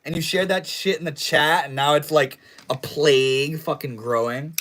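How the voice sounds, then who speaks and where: A young man hosting a casual livestream, reading chat messages aloud and answering in a laid-back, slangy way that trails off into low mumbles. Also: steady tone, moderate pace, fairly bright tone, poor audio. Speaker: livestream host.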